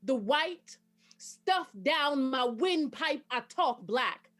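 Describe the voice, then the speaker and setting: A woman's voice: high-pitched, animated, takes it slowly, fairly bright tone. A woman performing a spoken word poem with a rhythmic, emphatic delivery.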